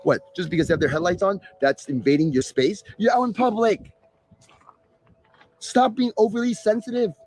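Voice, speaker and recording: A man's voice: high voice, fairly even intonation, moderate pace, darkish tone, no echo. A man hosting a live stream, talking casually to viewers in a sarcastic, exasperated rant. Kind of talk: ranting casual talk to viewers.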